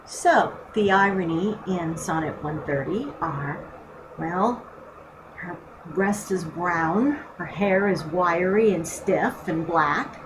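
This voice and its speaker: Slow, low-voiced woman teaching a lesson. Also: noisy background. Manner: measured, explanatory, reads poem aloud slowly. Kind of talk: recorded screencast lecture.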